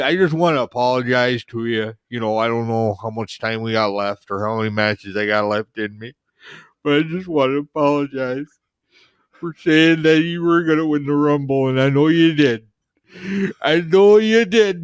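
A man's voice: fairly high pitch, smooth, no echo, studio quality, close to an everyday voice. A man doing a boastful old wrestling legend. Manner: drawling, boastful, preachy. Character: boastful aging wrestling legend, brash and preachy.

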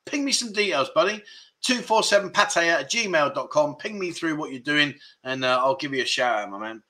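A man's voice: on the high side, expressive, a little fast, bright, forceful tone. A man hosting a casual livestream chat, reading out viewer comments and chatting about them. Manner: chatty, reads out chat comments, frequent fillers. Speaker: livestream host.

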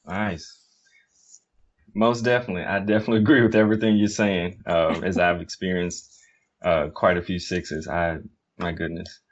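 An interviewer asking questions in a relaxed, affirming way, with many fillers and hesitations. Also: sits low, moderate pace, lo-fi sound. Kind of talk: casual interview.

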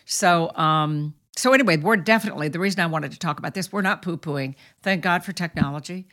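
A woman's voice: lowish voice, a little fast, fairly bright tone. A middle-aged woman hosting a casual podcast chat, talking earnestly and often repeating her first words before a thought. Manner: earnest, repeats words when starting sentences. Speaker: podcast host and author.

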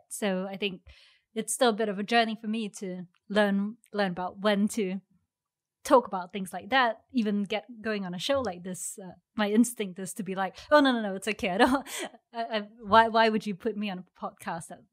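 Thoughtful woman founder, hesitant answers. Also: medium pitch. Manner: thoughtful, hesitant, with many fillers and restarts. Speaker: startup founder, interview guest. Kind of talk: interview answers.

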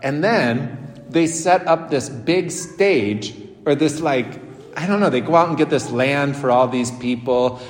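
Chatty priest in an echoey church. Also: male voice, medium pitch, measured pace. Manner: chatty and animated, with frequent laughing asides. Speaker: Catholic priest. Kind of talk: conversational homily. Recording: echoey church with long reverb.

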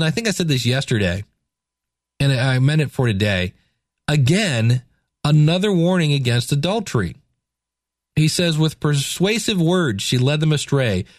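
A man's voice: fairly high pitch, dry recording, studio quality. Casual preacher man reading scripture. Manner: reads scripture slowly then comments in casual asides. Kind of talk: Bible reading and teaching.

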